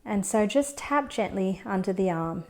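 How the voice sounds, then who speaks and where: A woman teaches a tapping routine step by step. Her voice sits at a middle pitch, and she keeps a calm, gentle, measured pace of instruction. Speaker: tapping coach.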